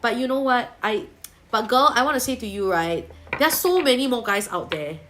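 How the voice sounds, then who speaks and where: A Singaporean woman doing a livestream tarot reading, talking in a chatty, colloquial way sprinkled with Singlish particles. Her voice sits a little high, and she reassures the viewer like a big sister giving advice. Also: lively intonation, moderate pace, a bit bright. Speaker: tarot reader.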